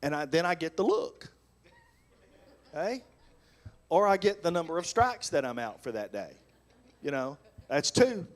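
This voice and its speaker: A male pastor preaching on marriage, animated and acting out sarcastic replies. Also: a little high, unhurried, pauses often. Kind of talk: sermon on marriage.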